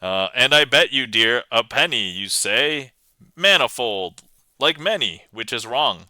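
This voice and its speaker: A man's voice: medium pitch, animated, measured pace, sharp tone, no room sound. A man from New England with a light New England accent, streaming casually, reading a tricky poem aloud, laughing and stumbling over words as he thinks aloud.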